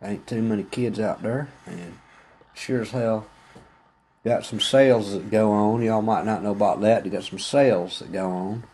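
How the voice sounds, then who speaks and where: A man's voice: on the low side, moderate pace, mellow, a little hiss or hum, low-quality recording. A man, telling a rambling, folksy, profane comic story full of fillers.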